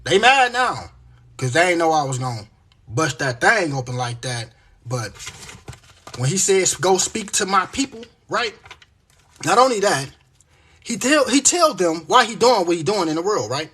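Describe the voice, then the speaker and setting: Man, high voice, lively swings in pitch, husky, fiery scripture preaching. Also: normal speed, long pauses. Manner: reads verses aloud with emphatic asides, repeats "right?".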